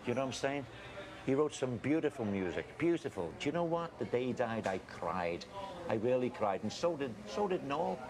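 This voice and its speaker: An actor playing a defensive middle-aged farmer with a Liverpool accent who keeps calling people mate. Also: male voice, mid-range voice, natural voice. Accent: Liverpool (Scouse). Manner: blustering, animated, calls people mate. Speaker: farmer, cousin of a lookalike. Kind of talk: film acting. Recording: film audio with background noise.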